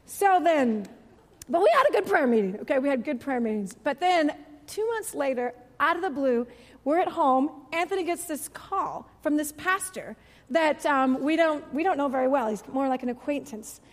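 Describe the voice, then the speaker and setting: High-voiced woman telling a lively testimony. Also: moderate pace. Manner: animated, laughing storyteller. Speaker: church speaker. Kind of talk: personal testimony. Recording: long reverb of a large hall.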